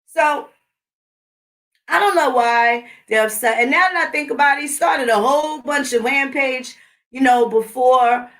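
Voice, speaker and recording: A woman's voice: high-pitched, unhurried, a bit bright, far from the mic. A middle-aged woman hosting her own channel, talking in a blunt, combative, profane casual rant. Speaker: channel host. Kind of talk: casual ranting monologue.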